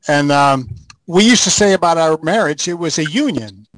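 An older man chatting casually, telling lively stories and acting out the scenes. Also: fairly high pitch, moderate pace, dry recording, low-quality recording. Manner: animated raconteur, acts out scenes. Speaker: guest. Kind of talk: casual storytelling chat.

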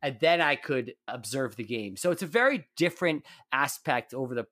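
A man's voice: medium pitch, moderate pace, dry recording. Male co-host, dry close sound, casual and meandering. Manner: rambling, restarts often, relaxed. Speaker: podcast co-host. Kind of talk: casual sports podcast chat.

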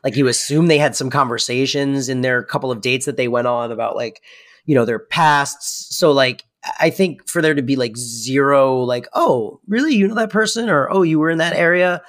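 Co-host, mid-pitch, rambling reactions with strong emphasis. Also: moderate pace, fairly bright tone. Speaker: podcast co-host. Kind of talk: casual TV recap chat.

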